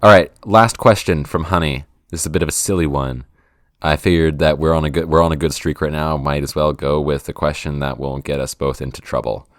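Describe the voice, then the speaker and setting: A man's voice: extremely low pitch, fairly even intonation, a little fast, dry recording, studio quality. An American man co-hosting a podcast, chatting casually in a rambling, laid-back way. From United States. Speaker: podcast co-host. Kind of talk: casual chat.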